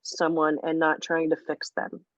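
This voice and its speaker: A woman's voice: low voice, monotone, unhurried, no room sound. A woman hosting a podcast in a casual conversation. She talks frankly and thoughtfully and swears freely. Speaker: podcast host. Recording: dry, slightly muffled audio.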